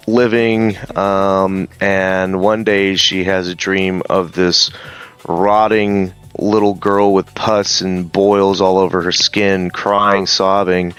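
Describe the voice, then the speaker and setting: A man's voice: low-pitched, fairly bright tone. A man casually retelling a story, hesitant with many ums and some swearing. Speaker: streamer.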